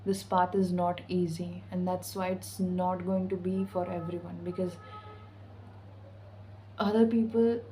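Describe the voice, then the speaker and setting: A woman speaks slowly and evenly in a mellow, darker voice, sharing intuitive spiritual messages as a vlogger. Her talk is casual and sassy, peppered with slang and swearing. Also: fairly low pitch, flat delivery, slight background noise, poor audio. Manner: slangy, profane and sassy, with frequent "okay?".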